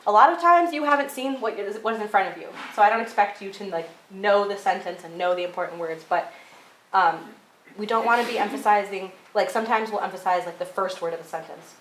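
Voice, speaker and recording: Speaking a little fast in a slightly bright, medium-pitched voice, a woman teaches a casual workshop for church readers. Her talk is loose and chatty, peppered with "um" and "like," and she often laughs at herself. The church hall recording echoes, with some light background noise.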